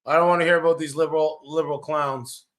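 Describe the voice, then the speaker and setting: A man's voice: fairly high pitch, steady tone, fast, a bit bright. A man giving casual, blunt reaction commentary, rambling and swearing as he goes. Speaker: streamer commentator.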